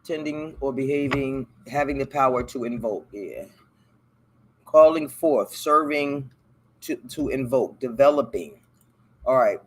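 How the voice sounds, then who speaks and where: A man's voice: medium pitch, a little slow, slight background noise. A man hosting a casual solo show, reading a text aloud and breaking off to comment in loose, profane slang, stumbling over hard words. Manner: loose, profane, talks back to the text he reads. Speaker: podcast host.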